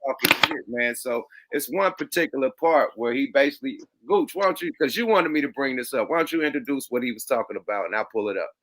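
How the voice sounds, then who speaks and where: Bright-voiced man in loose, cursing podcast banter. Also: mid-range voice, animated, fast talker, few pauses. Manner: profane, slangy, laughing banter. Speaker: podcast host. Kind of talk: casual chat.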